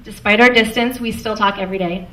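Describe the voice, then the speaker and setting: Quick-paced and pushed, her bright mid-range voice stays fairly even as this young Canadian maid of honor gives a fond, light toast. She chuckles between lines in a wedding reception hall. The echoey hall is recorded from far off, with faint noise.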